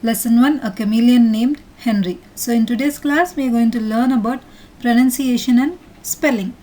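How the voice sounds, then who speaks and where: A woman teaching an English lesson to children, sounding out each word clearly and patiently. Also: fairly high pitch, moderate pace, warm tone. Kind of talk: slow, deliberate classroom lesson for children.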